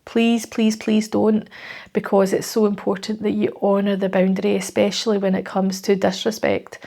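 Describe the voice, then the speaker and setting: A Scottish woman coaching her viewers, her middle-pitched voice running into a gravelly fry at the ends of phrases. She talks conversationally and reassuringly, and she often tosses in tag questions to draw the listener in. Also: darkish tone. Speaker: life coach. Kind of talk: direct-to-camera coaching talk.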